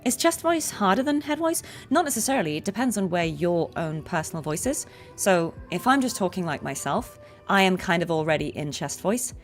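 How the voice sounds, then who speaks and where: A young adult woman, a voice actress, chatting casually on a livestream and explaining voice technique with quick demonstrations. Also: lowish voice, big pitch swings, soft background music. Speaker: voice actress streaming a game.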